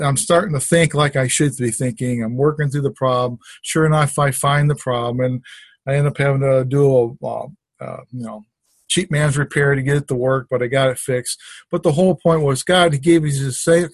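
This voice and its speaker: On a conference call, a middle-aged man with a mid-range voice shares his personal faith testimony casually and ramblingly, restarting sentences and drifting into asides. There is no echo on the audio.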